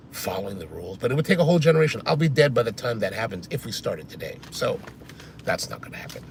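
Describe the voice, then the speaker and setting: A man's voice: fairly high pitch, creaky. A man chatting casually while driving, answering viewer comments and rambling through stories. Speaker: coffee vlogger. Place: inside a car on the highway. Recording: car interior with faint road noise.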